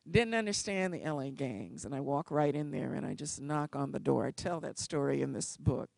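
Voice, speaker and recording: A woman who is a civil rights lawyer, giving a speech to an audience with wry, animated storytelling. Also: sits low, normal speed, creaky, dry recording.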